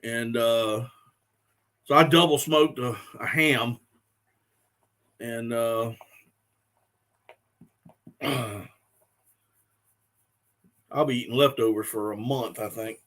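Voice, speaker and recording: A man's voice: medium pitch, fairly even intonation, slow pace, long pauses, a bit bright. Laid-back man chatting live. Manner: laid-back, rambling, with fillers and restarts. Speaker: live stream host. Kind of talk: casual live stream chat.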